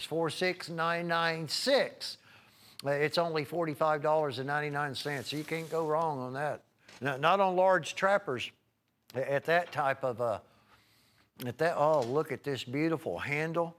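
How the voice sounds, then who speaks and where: Hosting live home shopping on television, a man chats folksily and rambles while listing item numbers and prices. He speaks at a moderate pace in a fairly high, fairly bright voice.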